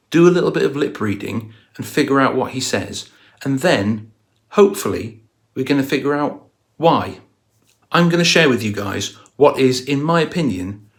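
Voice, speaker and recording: Man narrating a video explainer. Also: mid-range voice. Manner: storytelling, analytical walkthrough. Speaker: guitar channel host.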